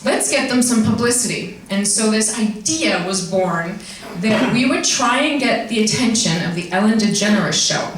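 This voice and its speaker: A woman's voice: medium pitch, lively intonation, moderate pace. A woman on a convention stage telling a personal story in a chatty, self-deprecating way, open about getting emotional, heard from a distance in a large hall. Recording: echoey hall from far off.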